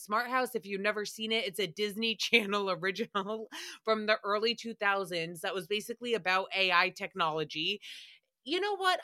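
Young woman, podcast recap host, animated, swears freely, laughs a lot, bright voice, dry close sound. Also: mid-range voice, dry recording. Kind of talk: casual comedic recap.

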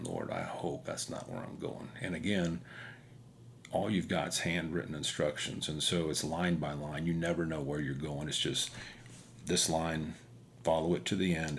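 Middle-aged man, deep and gravelly, earnest rambling testimony storyteller. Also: a little hiss or hum. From Kansas. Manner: earnest, rambling, with many fillers. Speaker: motorcycle rider giving testimony.

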